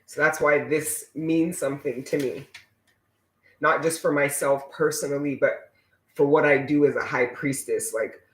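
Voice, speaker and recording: A man with a slightly high, steady voice gives his viewers a casual spiritual tarot reading at a measured pace. He talks in an emphatic, preachy way, swears freely, and the recording has a roomy echo.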